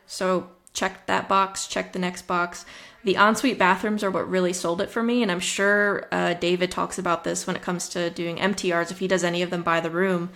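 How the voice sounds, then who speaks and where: A woman's voice: on the low side, fairly bright tone. A woman guest on a podcast, telling her story in a chatty way with frequent fillers and restarts. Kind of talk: conversational interview storytelling.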